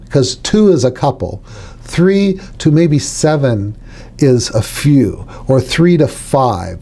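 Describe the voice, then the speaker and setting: A man's voice: fairly high pitch, mellow. A middle-aged man, a hypnotherapy trainer, explaining techniques in an instructional podcast chat and acting out suggestions aloud.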